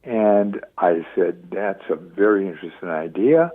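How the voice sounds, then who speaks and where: A man in his seventies, a radio interview guest, telling stories with lively acted-out quotes. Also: low voice, a little slow, no echo. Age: 70s. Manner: lively storyteller acting out quoted voices. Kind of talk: phone-in radio interview storytelling. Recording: tinny dry phone line.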